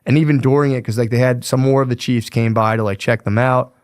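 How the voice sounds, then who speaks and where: A man's voice: mid-range voice, steady tone, fast talker, clean tone, no echo, clean studio sound. A young man hosting a podcast, retelling history in a casual, profane, rambling way. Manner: profane, slangy, rambling with fillers. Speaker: podcast host.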